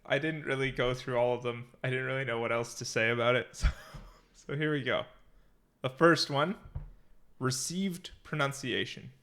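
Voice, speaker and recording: Man, podcast co-host, easygoing rambling chat, mid-pitched, chuckles a lot. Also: normal speed, sharp tone. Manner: chatty, rambling, laughs often. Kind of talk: casual chat.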